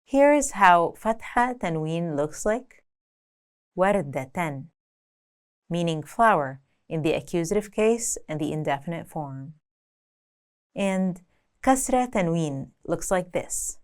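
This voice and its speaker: A woman giving a scripted language lesson, speaking clearly and deliberately, slowing down to say example words. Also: on the low side, lively intonation. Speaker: language teacher.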